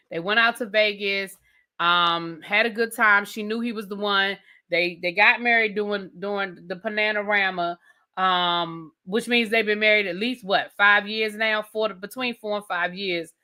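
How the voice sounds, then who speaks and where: Incredulous, bright-voiced woman ranting. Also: medium pitch, steady tone. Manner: blunt, incredulous, rapid-fire rhetorical questions. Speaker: TV review host. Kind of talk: casual rant review.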